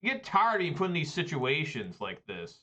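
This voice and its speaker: Man, card game commentator, bright voice, swearing, exasperated. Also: a little high, wildly swooping pitch, a little fast, dull audio. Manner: profane, exasperated ranting. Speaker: online card game player. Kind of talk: live gameplay commentary.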